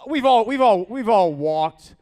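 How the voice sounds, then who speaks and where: Young comic guy rambling thru an open mic set, kinda high smooth voice, lots of likes and restarts. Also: lively intonation, mellow. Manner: rambling, halting, many restarts and fillers; laughs at his own jokes. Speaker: stand-up comedian.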